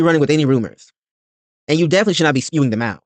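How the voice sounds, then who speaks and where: A man's voice: on the high side, very animated, very fast, no room sound. A man hosting a reaction video, recapping a reality show in a rambling, blunt and profane way.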